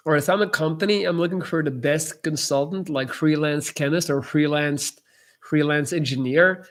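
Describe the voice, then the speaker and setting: Man, somewhat high voice, live-stream chat, blunt, swears a lot. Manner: blunt, swears freely, emphatic. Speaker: dating coach answering viewer chat.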